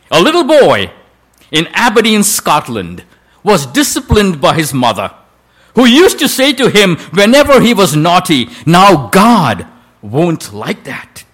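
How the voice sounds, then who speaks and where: A man's voice: high-pitched, fairly bright tone. A male preacher telling a story in a sermon, with a dramatic delivery that draws out quoted lines.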